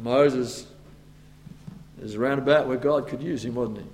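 A man's voice: mid-range voice, unhurried, darkish tone, a little hiss or hum. A man preaching a sermon, acting out the voices of Moses and God with stammers and asides. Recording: long hall reverb.

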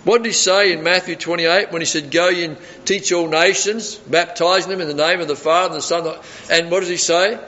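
A man's voice: high-pitched, steady tone, fairly quick, hardly any pauses, sharp tone. A man preaching a sermon, earnest and folksy, telling stories with little chuckles. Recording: dull reverberant hall recording.

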